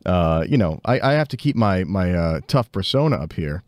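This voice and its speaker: Male co-host, playful heel bravado, animated, dry. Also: deep voice, normal speed, dry recording. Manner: playful mock-heel bravado, hesitant fillers. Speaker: co-host and producer. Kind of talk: casual podcast banter.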